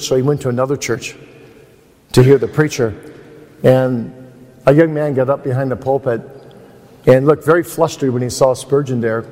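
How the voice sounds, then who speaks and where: The speaker is a male preacher at a seminar whose mid-range voice has a slightly mellow quality. He teaches through anecdotes in a conversational, self-deprecating way, and the room adds long hall reverb.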